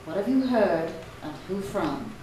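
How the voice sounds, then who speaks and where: A woman's voice: lowish voice, measured pace, slight background noise. An actress playing a loyal wife who defends her sister and pleads with her husband, in an amateur stage play. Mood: defensive. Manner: pleading, protective, lively intonation. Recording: very echoey room, distant mic, clatter of dishes.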